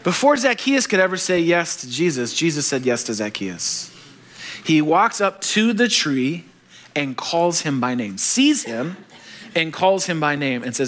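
Bright-voiced, animated male preacher. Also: fairly high pitch, moderate pace. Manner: animated, joking, acts out quoted voices. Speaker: pastor. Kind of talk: sermon.

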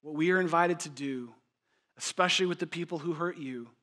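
A man's voice: fairly high pitch, brisk, a bit bright. A man preaching a sermon as pastor, emphatic and conversational, repeating phrases for effect and joking with his listeners.

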